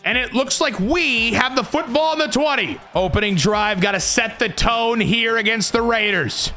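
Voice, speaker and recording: A man commentating a football video game from his room, yelling at big plays and muttering in between. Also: normal speed, faint music behind. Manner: swings from loud hype to low muttering. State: sweaty and tired from long recording. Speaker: gaming YouTuber.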